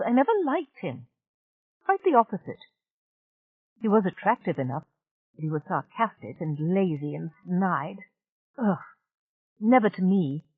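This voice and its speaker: A woman's voice: fairly low pitch, husky, dry recording. A woman reading an audiobook, voicing a blunt, exasperated young woman who speaks frankly. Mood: wry. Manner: frank and irritable. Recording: dry, tinny narrow-band audiobook.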